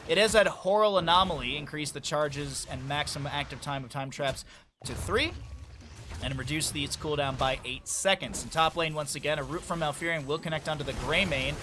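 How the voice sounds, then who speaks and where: A man's voice: a little high, a little hiss or hum. Chatty young man casting a game. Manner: chatty, jumps from banter to excited play-by-play. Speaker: esports caster. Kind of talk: solo game commentary.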